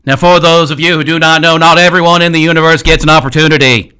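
A man's voice: fairly high pitch, steady tone, fast, sharp tone, smooth. A man putting on an exaggerated Boston politician impression with a Boston accent while rallying listeners.

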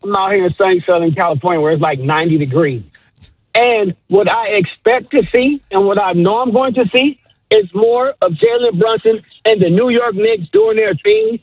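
High-voiced male caller, dull phone sound. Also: animated, moderate pace, husky, dry recording. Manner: enthusiastic, fan-like, cheering. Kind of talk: call-in on sports radio.

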